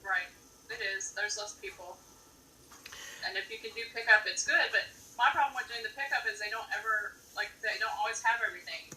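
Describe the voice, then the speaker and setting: Woman, co-host, very bright voice, off-mic, faint background noise. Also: on the high side, fairly quick, reverberant, recorded from a distance, low-quality recording. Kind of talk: casual live-stream chat. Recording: set back from the mic, faint room noise.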